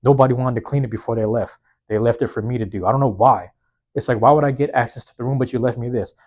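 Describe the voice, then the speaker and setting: A slightly hoarse man hosting his own podcast, talking alone in a casual, slangy way and repeating key phrases for emphasis, recorded with a phone microphone in a small university room. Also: medium pitch, quick pace, a little mellow. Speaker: podcast host. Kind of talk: solo motivational monologue. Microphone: plug-in microphone on a phone.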